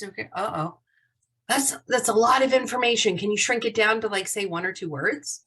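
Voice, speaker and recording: A woman's voice: a little high, lively intonation, brisk, fairly bright tone. Upbeat, encouraging teacher woman. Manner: upbeat, encouraging, praising students. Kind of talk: live online class lesson. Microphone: video call.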